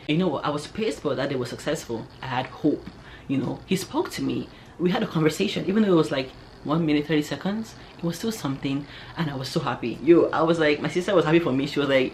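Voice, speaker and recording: A young adult woman vlogger telling a personal story in an animated, chatty way, peppered with "like" and "yo.". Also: low voice, fast talker, slight background noise. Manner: animated, chatty, heavy use of "like" and "yo". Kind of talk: casual storytelling to camera.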